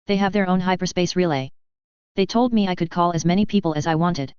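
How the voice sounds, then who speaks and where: A woman voicing an excited, naive young male alien office worker, low and smooth in a slightly dull recording. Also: fast talker, dry recording, lightly acted. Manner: excited, bubbly.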